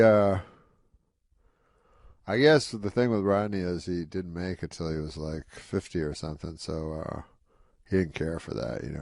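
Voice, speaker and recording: A man guest on a radio show, telling rambling deadpan anecdotes with plenty of "you know". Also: sits low, gravelly, no echo, studio quality. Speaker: comedian guest. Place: radio studio.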